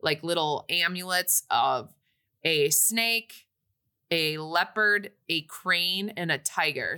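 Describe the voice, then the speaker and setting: Young woman, bright voice, casual podcast chat, rambling movie recap, lots of fillers. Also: sits low. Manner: rambling, filler-heavy retelling. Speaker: podcast co-host.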